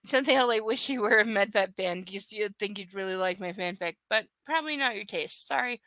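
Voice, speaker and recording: A woman's voice: mid-range voice, fairly quick, few pauses, pushed and bright, dry recording. A woman reading a novel aloud on a livestream, breaking off to chat, swear and tease her viewers by name. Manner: chatty, profane, teasing viewers by name. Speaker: livestream reader. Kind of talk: live reading with casual chat asides.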